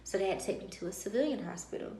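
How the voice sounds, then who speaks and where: A woman vlogger telling a personal story in a lively way and acting out the dialogue of others. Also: mid-range voice, rapid-fire, slight background noise. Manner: animated, acts out dialogue. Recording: roomy echo.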